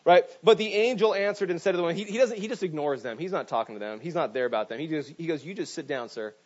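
A middle-aged man preaching a sermon, telling stories with lively asides and frequent "right?" checks to the congregation. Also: fairly high pitch, very fast. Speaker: pastor. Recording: dull lo-fi sound.

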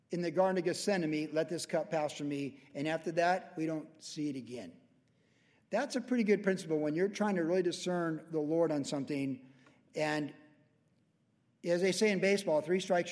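A high-voiced pastor teaches scripture verse by verse, speaking to the room like a friend and acting out the voices he quotes. His slightly mellow voice keeps a moderate pace, ringing out with the long reverb of a large church hall.

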